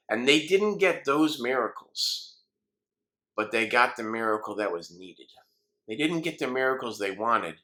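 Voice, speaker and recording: Bright-voiced male pastor preaching. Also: on the low side. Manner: earnest storytelling, voicing the people in the story. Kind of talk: sermon.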